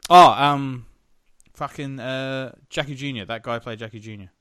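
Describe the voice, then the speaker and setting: A man's voice: medium pitch, normal speed, a bit bright, smooth, no room sound, studio quality. An Australian man hosting a podcast, telling stories in a rambling, profane way. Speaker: podcast host. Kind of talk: casual podcast chat.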